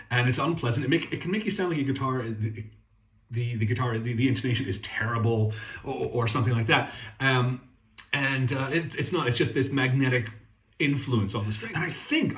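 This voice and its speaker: A man's voice: mid-range voice, roomy sound. A man hosting a guitar workshop channel, talking in a casual, sweary, sarcastic and rambling way. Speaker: guitar technician and channel host. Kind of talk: casual ranting demo.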